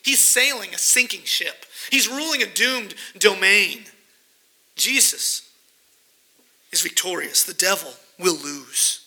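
A man's voice: high voice, slow pace, bright, forceful tone, low-quality recording. A man preaching a sermon, reading scripture verses aloud and explaining them with emphasis. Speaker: pastor.

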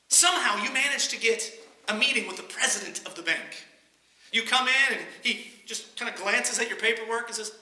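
Bright-voiced preacher in an echoey room. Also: medium pitch, fairly quick. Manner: conversational expository preaching. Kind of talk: sermon.

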